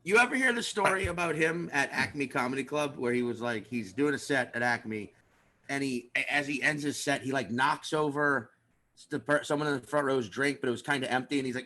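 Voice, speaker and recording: Bright, animated, swearing man. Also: medium pitch, fairly quick. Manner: animated, profane storytelling. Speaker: podcast guest, comedian. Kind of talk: casual comedic chat.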